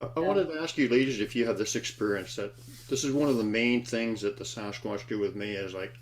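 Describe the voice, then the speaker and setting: A man speaking as a panelist in a casual roundtable chat over a video call, halting and restarting his sentences. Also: on the low side. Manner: halting, restarts and trailing phrases.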